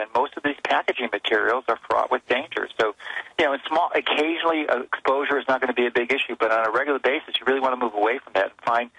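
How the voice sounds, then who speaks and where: A male physician guest on talk radio who speaks quickly and earnestly, explaining things in detail. His voice is forceful and slightly husky, and it sounds dry and close. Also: medium pitch, dry recording, low-quality recording. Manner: fast, earnest, explanatory, with frequent restarts. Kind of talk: radio interview guest explaining health advice.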